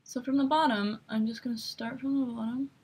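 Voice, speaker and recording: A woman's voice: on the high side, steady tone, brisk, darkish tone, breathy edge. A woman hosting a makeup tutorial, chatty and instructive as she talks through each step while demonstrating.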